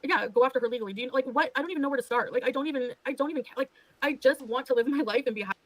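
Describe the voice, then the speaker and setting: Fast, high-voiced defensive woman ranting. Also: dry recording, low-quality recording. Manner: defensive, swearing, exasperated. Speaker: livestreamer being reacted to. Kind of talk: heated livestream rant.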